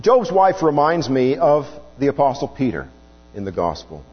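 Male preacher, earnest sermon delivery, animated pitch, long hall reverb. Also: moderate pace, highs cut off. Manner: earnest, explanatory, rhetorical questions. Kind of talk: sermon teaching on scripture.

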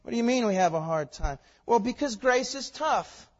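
A pastor preaching a sermon, shifting from quiet conversational asides to loud, emphatic, building climaxes. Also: male voice, very high-pitched, expressive, moderate pace. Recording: long reverb, dull lo-fi sound.

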